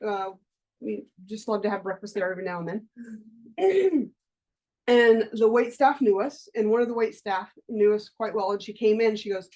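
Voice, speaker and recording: A woman's voice: mid-range voice, expressive, moderate pace, a little mellow. A woman coaching a live workshop, lecturing and telling personal stories in a candid, conversational way with casual swearing. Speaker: life coach leading a workshop.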